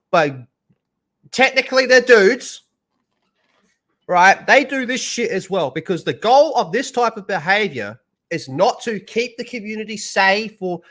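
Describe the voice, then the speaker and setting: A man's voice: sits high, a bit bright. A man ranting bluntly and profanely as a stream commentator.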